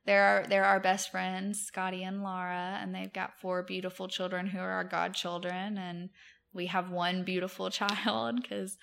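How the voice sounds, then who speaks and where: A woman's voice: fairly low pitch, little pitch movement, unhurried, gravelly, a bit bright. A woman, telling stories as a podcast guest, chatty with many fillers and frequent laughs. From Mobile, Alabama, US. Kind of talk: casual chat.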